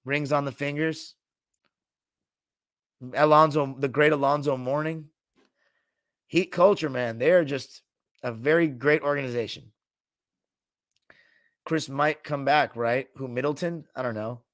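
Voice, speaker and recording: A man's voice: mid-range voice, moderate pace, no room sound. A man in the middle of his range talks basketball in a loose, joking way, cursing often and answering his live chat as he goes. The sound is dry and close, with no room around it. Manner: loose, joking, swears freely, mimics coaches. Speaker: podcast host. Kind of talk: casual sports talk, reading live chat.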